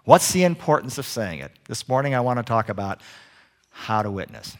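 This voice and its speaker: A man preaching a sermon as a guest preacher, telling animated stories and joking with the congregation. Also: mid-range voice, a little fast. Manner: animated storytelling, acts out little scenes; jokey with the congregation.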